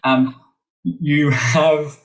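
A man's voice: a little high, steady tone, extremely slow, creaky, low-quality recording. A middle-aged Australian man, a voice teacher, talking animatedly in a podcast interview, with playful asides to the listeners. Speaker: guest, voice teacher.

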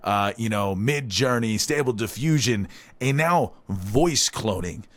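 A man's voice: lowish voice, animated, a little slow, a bit bright, no echo. A man in his forties from Hawaii hosting a live community radio show in a loose, rambling way, tossing in "all right?" asides.

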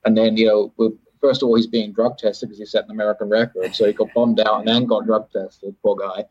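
Brief: low-voiced British man, husky, rambling interview guest, muffled podcast sound. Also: flat delivery, brisk, a little mellow. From Britain. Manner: rambling, self-correcting, with wry asides. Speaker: sports federation chief executive, podcast guest. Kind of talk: casual interview talk. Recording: dull, lo-fi podcast audio.

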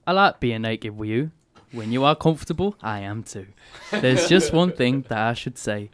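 A gruff, deadpan man with a Manchester accent solemnly reads soppy love-song lyrics, put on by an actor. His pitch rises and falls widely. It is a comic bit on a radio show. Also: moderate pace, no room sound, close to an everyday voice. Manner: deadpan comic reading, breaking into laughter.

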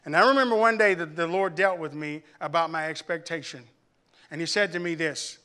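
A man from Arkansas preaching a sermon in church, telling a personal story and building to loud, emphatic preaching. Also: a little high, fairly quick, smooth. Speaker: pastor.

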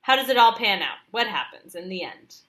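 A woman's voice: medium pitch, sing-song, a little fast, a bit bright. A woman in casual chat, reacting and asking curious follow-up questions. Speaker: co-host.

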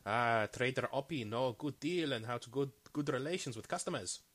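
A man's voice: medium pitch, expressive, moderate pace, lightly acted. A man voicing a shifty male trader who talks in broken English, haggling and repeating his words. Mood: eager.

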